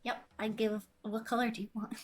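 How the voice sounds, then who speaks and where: A woman playing a tabletop game, reacting quickly with laughs. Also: on the high side, little pitch movement. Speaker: player. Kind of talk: casual chat at the table.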